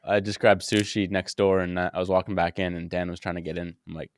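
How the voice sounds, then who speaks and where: A man's voice: sits low, level tone, quick pace, no echo, studio quality. A young man co-hosting a podcast in casual chat, rambling and joking with playful analogies. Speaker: podcast co-host.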